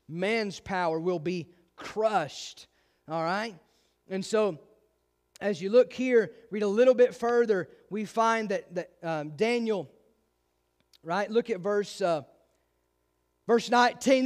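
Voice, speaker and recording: A pastor preaching a sermon with emphatic, insistent delivery and frequent repeated restarts. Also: male voice, high voice.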